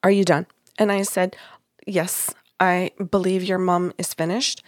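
Woman storyteller, casual chat, animated retelling with quoted voices; dry, close mic sound. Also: lowish voice, a little slow, dry recording. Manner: animated retelling, acting out quoted lines with laughs. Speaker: psychic medium recounting a reading.

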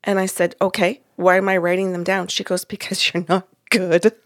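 A woman's voice: on the low side, flat delivery, moderate pace, no echo, clean studio sound. A woman who works as a psychic medium, telling a story in conversation and acting out the dialogue. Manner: retells events with quoted dialogue.

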